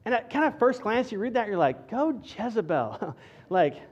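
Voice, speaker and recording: A male pastor preaching a sermon with an emphatic, repetitive rhetorical cadence that drops to quiet for stress. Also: extremely high pitch, expressive, fairly quick, highs cut off.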